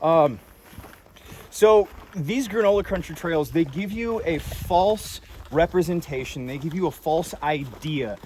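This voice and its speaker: A man's voice: fairly high pitch, a little slow, a little mellow, a little hiss or hum. A young man hiking a mountain trail, a bit out of breath, rambling through an opinionated rant with plenty of fillers into a handheld camera outdoors. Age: young adult. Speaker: vlogger hiking. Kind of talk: casual ranting monologue.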